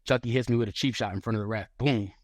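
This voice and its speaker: A man on a podcast as a guest fighter, telling a story in casual chat, animated and profane, acting out what others said. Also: fairly low pitch, racing, no room sound. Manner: animated, profane, acts out quotes.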